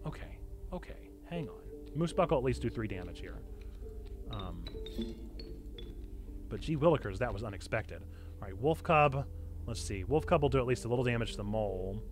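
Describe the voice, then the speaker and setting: A pastor giving excitable live-streamed gameplay commentary, now and then bursting into loud cheers. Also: male voice, lowish voice. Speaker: pastor streaming a video game.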